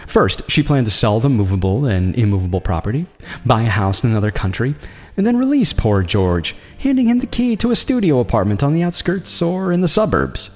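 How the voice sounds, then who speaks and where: A man narrating a drama story in a measured, dramatic way. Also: mid-range voice, very animated. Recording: long reverb with soft music.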